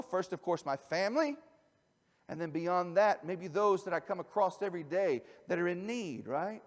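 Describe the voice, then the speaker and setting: High-voiced man preaching a sermon. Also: expressive, moderate pace. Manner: conversational, swings from soft asides to shouted emphasis. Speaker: pastor. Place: church sanctuary. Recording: church hall with long reverb.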